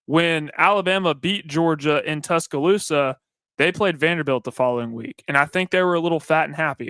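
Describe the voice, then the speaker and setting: A man with a Southern accent co-hosting sports radio, breaking down games point by point in an earnest, analytical way. His voice sits fairly high and sounds smooth and clear. The recording is dry. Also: a bit bright, dry recording. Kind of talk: casual sports talk.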